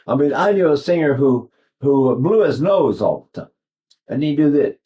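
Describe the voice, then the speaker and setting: This elderly teacher, in his eighties, drifts off on tangents during an informal singing lesson and frequently halts to demonstrate vocal sounds. His mid-range voice is warm and very animated, at a normal speed.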